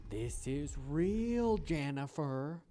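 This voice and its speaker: A man's voice: a little high, animated, extremely slow, dark tone, faint music behind. A man voicing a stern, haughty otherworldly male guide creature while reading a game script aloud. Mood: scolding.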